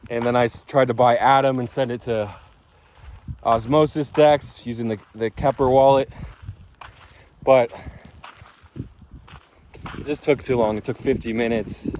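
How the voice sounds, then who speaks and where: A man's voice: medium pitch, darkish tone, slight background noise. A man vlogging outdoors in a casual, rambling way, full of restarts and asides. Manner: chatty, rambling with restarts and fillers.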